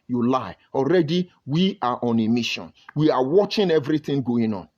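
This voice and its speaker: A man's voice: mid-range voice, expressive, moderate pace. Emphatic Nigerian man, lo-fi stream. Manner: emphatic, preachy, reads viewer comments aloud. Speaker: online broadcaster. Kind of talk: live-stream commentary.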